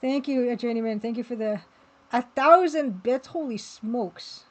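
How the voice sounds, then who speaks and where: A woman's voice: on the high side, a little slow. A woman chatting casually on a live stream, self-mocking and chatty as she reads chat.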